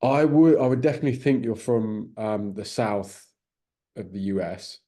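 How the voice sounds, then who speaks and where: British guy asking questions, lots of ums, low mellow voice. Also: moderate pace. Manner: hesitant, many ums, polite. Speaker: interviewer. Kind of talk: casual interview.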